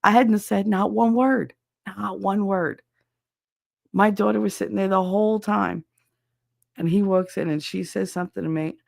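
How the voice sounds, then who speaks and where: A woman's voice: medium pitch, fairly even intonation, normal speed, creaky, dry recording, clean studio sound. A woman hosting a casual chat show, venting bluntly with lots of swearing and laughter. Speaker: podcast host. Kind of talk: casual chat with chat shout-outs.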